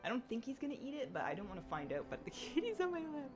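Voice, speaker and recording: A woman live-streaming a game who chats casually, laughs often and coos at her pets in a high sing-song. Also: huge pitch swings, very fast, over music.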